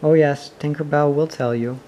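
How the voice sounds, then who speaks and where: A man's voice: mid-range voice, moderate pace, lo-fi sound, a little hiss or hum, close to an everyday voice. A man reading aloud, voicing a prim, motherly girl playing house in a storybook. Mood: tart. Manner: prim, fussy, gently scolding. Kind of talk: audiobook reading.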